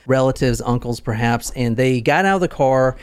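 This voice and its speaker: A man's voice: mid-range voice, moderate pace, smooth, dry recording. Give me a young man casually telling a true crime story, joking around, in a dry, close recording. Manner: joking, swearing, laughs often. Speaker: podcast host.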